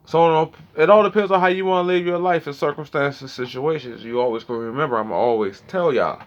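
A man in his thirties with a slangy, swearing manner, talking casually and straight to his viewers in a rambling monologue, at times mumbling low and at times getting loud. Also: fast talker. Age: 30s. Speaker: vlogger. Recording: dull lo-fi sound.

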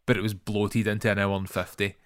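Scottish male podcast co-host, low-pitched, blunt and sweary, dry close sound. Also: flat delivery, a little fast, clean tone, no echo. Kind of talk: casual chat.

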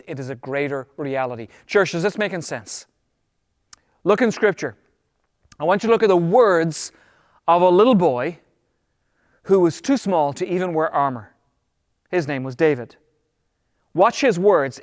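A man preaching a sermon as pastor, emphatic, slowing down on key words and then rushing ahead. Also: on the high side, dry recording, clean studio sound, long reverb tail. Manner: emphatic preaching, shifting between slow stress and quick bursts.

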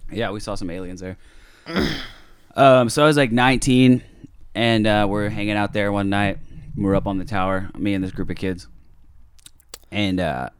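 A man's voice: fairly low pitch, normal speed, long pauses, clean tone, no echo, studio quality. A man co-hosting a podcast who tells a rambling, profane story in casual chat. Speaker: podcast co-host.

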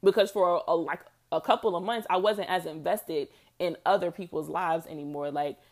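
A woman's voice: on the low side, steady tone, moderate pace, darkish tone. A woman hosting her own podcast, talking alone in a chatty, reflective way with lots of fillers and frequent laughter. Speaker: podcast host. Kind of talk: casual solo podcast monologue.

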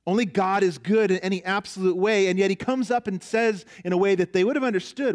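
A man's voice: high-pitched, fairly even intonation, fairly quick, hardly any pauses. A man preaching a sermon as a pastor, emphatic, repeating key phrases and asking the congregation rhetorical questions.

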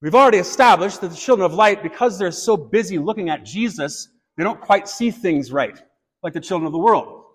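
A man's voice: high voice, animated, brisk, breathy edge. A man preaching a sermon in church, earnest, turning to a light personal story now and then. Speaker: pastor. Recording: long reverb of a church hall.

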